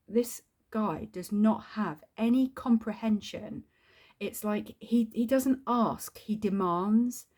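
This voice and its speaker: A woman's voice: medium pitch, a little mellow. A woman venting in a video diary, swearing often as she rants. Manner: swears a lot, ranting. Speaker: video diarist. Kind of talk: angry venting vlog.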